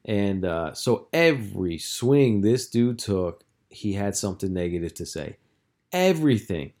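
A man's voice: lowish voice, sing-song, a little slow, darkish tone. A young man hosting a casual solo podcast as a coach, telling stories in a rambling, profane way with lots of filler words.

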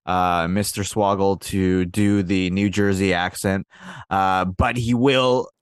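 A man with a smooth, resonant, fairly low voice chats on a podcast in an upbeat, agreeable way. The recording is close and dry. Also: fairly even intonation, slow pace, dry recording. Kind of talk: casual chat.

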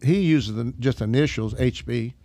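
Gravelly guy from arkansas telling a story, laughs a lot, dry close sound. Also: medium pitch, moderate pace, warm tone, dry recording. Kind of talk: casual conversation, storytelling.

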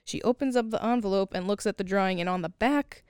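Smooth-voiced woman recapping a movie. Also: medium pitch, quick pace, no echo, studio quality. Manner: animated storyteller, laughs often, quotes characters. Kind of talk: casual movie recap chat.

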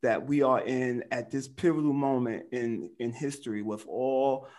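A man's voice: mid-range voice, moderate pace, darkish tone. A man co-hosting a casual podcast chat, telling stories animatedly and peppering his speech with "man". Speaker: co-host.

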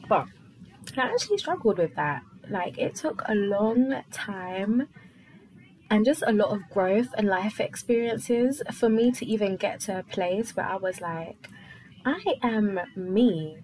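A young adult woman from London, hosting her own podcast in a rambling, casual solo chat full of fillers and quick laughs. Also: mid-range voice, animated, a little mellow, slight background noise, poor audio. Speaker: podcast host.

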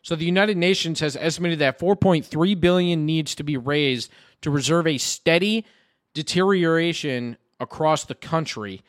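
A man's voice: a little high, moderate pace, no room sound, clean studio sound. Profane, rambling man in his twenties. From United States. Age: mid-twenties. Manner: rambling, profane, repeats words as he thinks aloud. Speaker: podcast co-host. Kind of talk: casual podcast chat.

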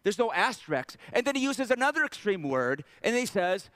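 A male pastor with a fairly high voice delivers a lively sermon, full of stories, jokes and questions to the congregation. The sound is dry and close, with little room echo. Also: a little fast, few pauses. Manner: animated, joking asides to the congregation.

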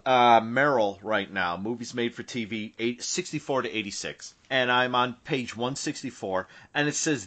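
A man co-hosting a podcast in casual chat about a TV movie, talking haltingly with restarts. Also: medium pitch, pushed and bright. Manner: halting, with restarts and "you know". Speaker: podcast co-host.

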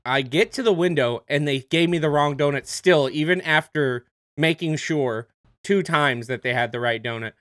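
A man's voice: on the high side, normal speed, fairly bright tone, no room sound, studio quality. A man co-hosting a podcast, ranting and swearing in heated casual banter. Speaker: podcast co-host.

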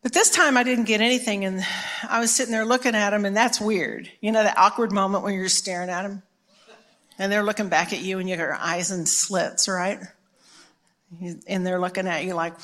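A woman's voice: mid-range voice, normal speed, fairly bright tone. A middle-aged woman from Texas, giving a storytelling sermon at a conference in a chatty, self-mocking way with frequent restarts. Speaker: conference preacher.

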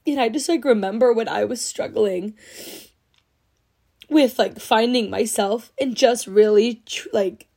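A slightly high, warm, creaky voice belongs to a young woman hosting her own solo podcast, speaking a little slowly. She chats casually and gushes, filling her speech with "like," and is teary, on the verge of tears.

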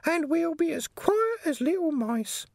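A man voicing a shrill, sweetly menacing old woman in an audiobook reading, in a falsetto with sing-song politeness. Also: big pitch swings, a little slow, gravelly, no echo, clean studio sound, full character voice. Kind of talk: audiobook character voice.

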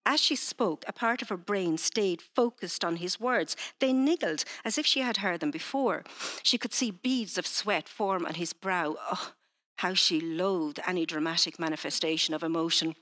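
Brief: a woman novelist with a lowish voice, hesitant in chat, steady when reading aloud. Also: moderate pace. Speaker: author.

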